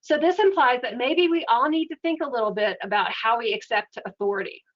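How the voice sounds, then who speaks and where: A woman giving an educational webinar talk in a steady, explanatory, conversational way. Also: a little high, brisk, muffled recording. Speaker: webinar presenter.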